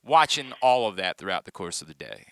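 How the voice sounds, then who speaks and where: A man's voice: low voice, big pitch swings, brisk, a bit bright, no room sound. A man hosting a radio interview, asking questions with eager, stumbling starts. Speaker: radio host.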